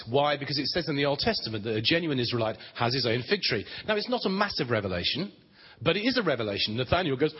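Man, conference speaker, husky voice, long hall reverb, dull lo-fi sound. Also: medium pitch, animated, fast talker. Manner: plain, conversational, dry humor. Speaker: conference speaker on prayer ministry. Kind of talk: teaching talk at a Christian conference.

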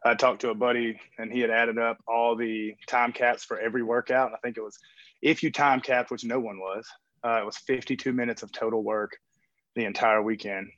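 A man's voice: medium pitch, little pitch movement, a little fast, fairly bright tone, no room sound. A man talking as a coach and guest on a remote call from a gym, rambling and joking with lots of fillers. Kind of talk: casual interview chat. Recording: dull dry remote call audio.

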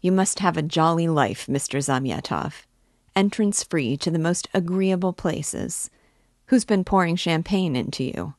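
A woman's voice: fairly low pitch, expressive, a little slow, darkish tone, no room sound, clean studio sound. A woman voicing a feverish, irritable young male student who taunts with sardonic mockery. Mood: taunting.

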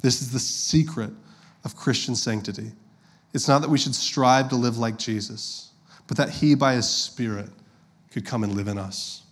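Pastor, man in his thirties, casual storytelling sermon, middle-pitched voice. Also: moderate pace. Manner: conversational, personal storytelling with direct audience address.

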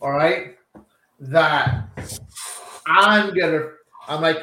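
A man with a fairly high voice tells a story in an animated way as a podcast co-host. He swears freely in a casual chat. The room around him sounds echoey. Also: measured pace.

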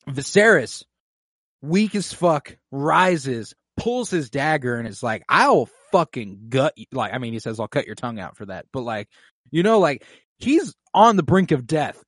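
A man's voice: mid-range voice, very animated, measured pace, no echo, studio quality. A man in casual chat, animatedly retelling a show's episode with lots of swearing and acted-out quotes.

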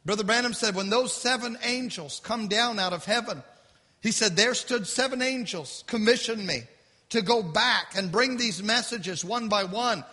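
A man preaching with great fervor, his voice very high and piercingly bright. The tone is husky and breathy, and a long hall reverb trails every phrase. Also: normal speed. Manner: impassioned preaching, builds to shouts then drops low. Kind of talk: sermon.

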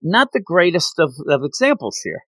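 A man hosting a casual chat recapping an anime, talking in a rambling, animated way and laughing often. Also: fairly high pitch, normal speed, dry recording, low-quality recording.

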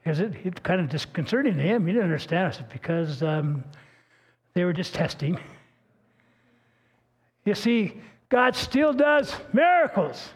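A man's voice: high voice, big pitch swings, unhurried, pauses often, slightly rough. An older man preaching a sermon as pastor, telling stories in a folksy, earnest way, often restarting his words. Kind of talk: sermon with personal storytelling.

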